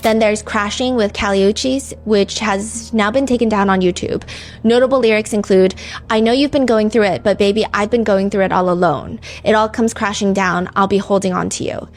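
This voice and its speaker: Woman, true crime host, casual conversational delivery, average pitch, loose and chatty. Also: fairly even intonation, moderate pace. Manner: chatty, lots of "like" fillers, reads lyrics aloud.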